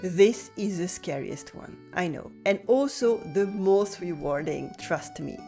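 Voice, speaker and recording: A woman with a French accent teaching French, narrating a calm, encouraging scripted lesson. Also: on the low side, unhurried, over music. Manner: calm, encouraging, acts out short French dialogue lines.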